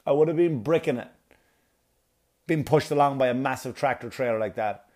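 A man's voice: mid-range voice, a little fast, a little mellow. Profane rambling man telling a story. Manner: rambling, profane, conversational asides to viewers. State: has a cold, sniffly. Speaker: comedian. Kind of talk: casual storytelling monologue.

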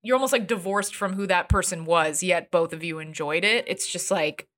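Bright, gushing woman in casual chat. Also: fairly low pitch, moderate pace. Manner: animated, gushing, many fillers. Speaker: podcast co-host.

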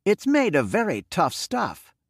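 A man's voice: high voice, huge pitch swings, slightly rough, dry recording, studio quality, voice pushed up, heavily acted. A man reading as a reserved wealthy man near fifty. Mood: earnest. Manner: measured, formal. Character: wealthy middle-aged man, reserved and cryptic. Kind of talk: audiobook character reading.

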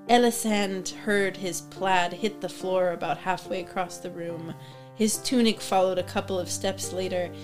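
A woman in casual podcast chat who laughs often and reads from a book aloud. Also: mid-range voice. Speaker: guest co-host. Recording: music playing behind.

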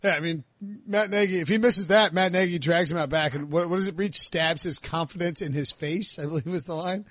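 Man, high voice, dry studio sound, animated, mocking, sports podcast host. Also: a little fast, no room sound. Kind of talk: casual sports podcast banter.

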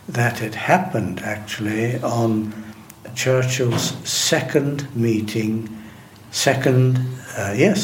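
An older man answering interview questions, telling his memories in a measured, deliberate way with occasional hesitations. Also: on the low side, a little mellow, a little hiss or hum. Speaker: interviewee recalling wartime interpreting.

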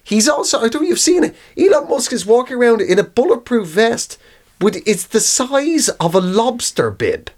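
Rambling high-voiced comedy co-host man. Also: big pitch swings, moderate pace, a little mellow. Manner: rambling, joking storyteller. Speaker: podcast co-host. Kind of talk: casual comedy chat.

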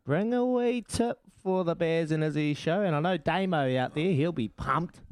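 A man's voice: on the high side, moderate pace, a little mellow, clean tone, dry recording. A man with a New Zealand accent co-hosting breakfast radio in casual, upbeat chat. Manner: chatty, upbeat, friendly. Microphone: studio mic.

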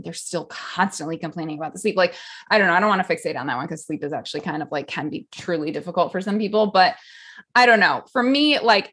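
A woman in her thirties co-hosts a relaxed podcast. Her voice sits at an ordinary middle pitch. She rambles as she thinks, with many "like" fillers. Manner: rambling, heavy use of "like" fillers. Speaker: podcast co-host. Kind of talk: casual podcast chat.

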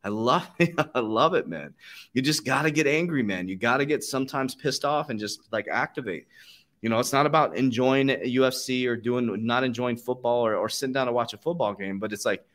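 A man's voice: medium pitch, brisk, a bit bright. A man hosting a casual podcast conversation, talking in a fired-up, profane, motivational way and laughing often. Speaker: podcast host.

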